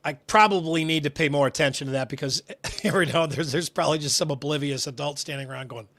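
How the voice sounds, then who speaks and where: A man co-hosting a casual sports talk show, chatty and anecdotal, with frequent restarts that trail off softly. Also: fairly high pitch, fast, dry recording.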